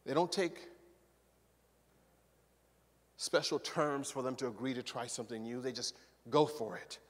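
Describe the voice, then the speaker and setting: A middle-aged man from Zimbabwe preaching a sermon as pastor, animated, acting out quotes and repeating words. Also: medium pitch, measured pace, pauses often, long reverb tail. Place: church sanctuary.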